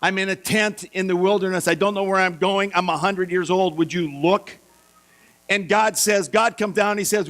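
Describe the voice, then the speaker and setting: A man preaching a sermon, telling Bible stories in a lively way and acting out the voices of the figures. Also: high-pitched, moderate pace. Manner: lively storytelling, acts out voices for biblical figures. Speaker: pastor.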